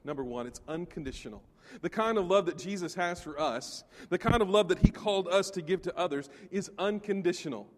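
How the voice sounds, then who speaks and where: A man's voice: high voice, long reverb tail. A man preaching a sermon, emphatic and putting questions straight to the congregation. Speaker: pastor.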